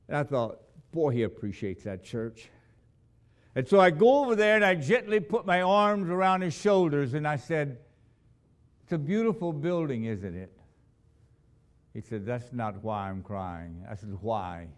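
A man preaching a sermon as a missionary, telling stories with dramatic swings between loud emphasis and hushed, low lines. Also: expressive, a little slow.

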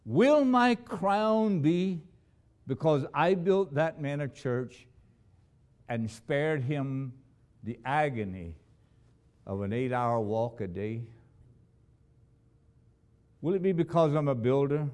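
Dramatic preacher man, slow and lively. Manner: dramatic storytelling, swings between loud emphasis and hushed lows. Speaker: missionary preacher. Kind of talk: sermon.

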